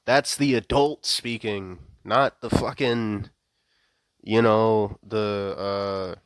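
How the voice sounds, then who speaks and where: A man's voice: on the low side, fairly even intonation, drawn-out words, smooth, dry recording. A young man in an unscripted rant, profane and rambling, with wry laughs and many fillers, speaking close to a microphone. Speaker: vlogger.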